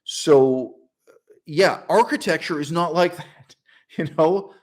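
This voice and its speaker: A man's voice: on the high side, slow. A middle-aged man hosting his own channel, talking in a casual, opinionated monologue full of asides and short laughs. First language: English. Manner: animated and opinionated, frequent fillers and laughs. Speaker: channel host.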